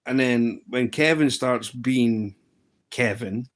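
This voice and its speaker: A man's voice: medium pitch, slow pace. A man hosting a casual live chat stream. He tells a story with energy and acts out what others said. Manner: animated anecdote-telling, acting out what others said.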